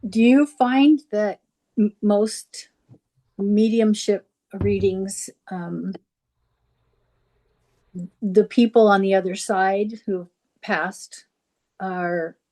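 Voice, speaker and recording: A woman's voice: mid-range voice, drawn-out words, pauses often, dark tone, rough recording. A woman hosting a podcast who asks her guest questions hesitantly, searching for her words. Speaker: podcast host. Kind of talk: interview questions.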